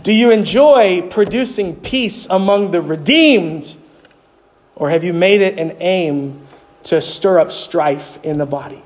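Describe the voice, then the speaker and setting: A male pastor delivering a sermon. He asks rhetorical questions and answers them himself, and his voice climbs higher on the key points. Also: slow. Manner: emphatic preaching, voice climbing high on key points.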